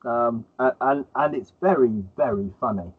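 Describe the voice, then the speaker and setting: A man in casual conversation, speaking haltingly and repeating words as he gathers his thoughts. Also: mid-range voice, breathy edge. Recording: tinny phone-like line.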